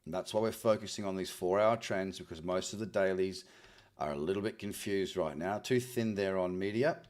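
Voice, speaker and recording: Speaking at a normal pace in a low-pitched voice, an Australian man runs a live trading stream. He chats cheerfully, answers viewers, and tends to repeat words as he scans charts live.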